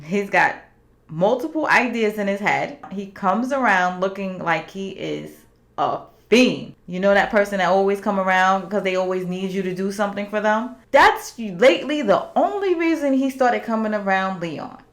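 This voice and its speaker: A woman at an ordinary mid pitch gives a casual, opinionated recap of a series finale. She talks straight to her viewers and slips into the characters' lines as she retells each scene. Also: moderate pace. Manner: chatty and opinionated, with asides to viewers. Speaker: TV series reviewer.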